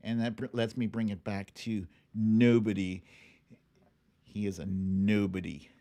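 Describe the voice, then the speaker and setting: A man's voice: lowish voice, little pitch movement, unhurried, dark tone. A man hosting a livestream, chatting casually about politics, laughing often and drawling when he mocks something. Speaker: livestream host.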